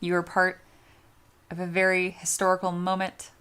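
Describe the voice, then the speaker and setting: A woman's voice: on the low side, monotone, normal speed, a bit bright, smooth. A young woman streamer chatting casually with her viewers, swearing and playing up dramatic mock outrage. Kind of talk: casual live-stream chat.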